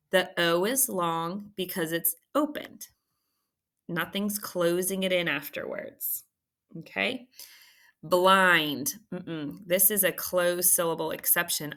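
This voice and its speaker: Slow, bright-voiced woman teaching phonics. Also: lowish voice. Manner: patient, checks in with frequent "okay?". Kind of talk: recorded phonics lesson.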